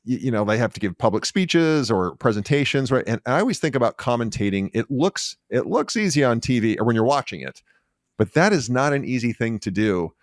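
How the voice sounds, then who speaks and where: A man's voice: mid-range voice, animated, a little fast, no room sound, studio quality. A man in his fifties hosting a podcast interview, asking long, enthusiastic, rambling questions. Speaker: podcast host. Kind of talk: casual interview.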